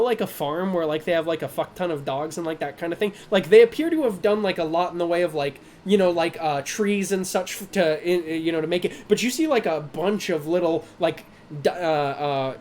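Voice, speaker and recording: A man narrates a tabletop game as its game master, his voice pitched high for a man. He rambles, stacking up fillers and laughing often, over a faint hiss of background noise. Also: a little mellow.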